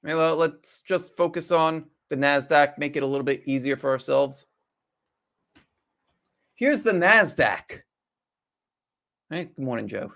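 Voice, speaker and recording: A man's voice: on the high side, lively intonation, unhurried, creaky, long pauses, fairly bright tone. A man hosting a live trading stream, chatty and casual, asking rhetorical questions and greeting viewers as they join.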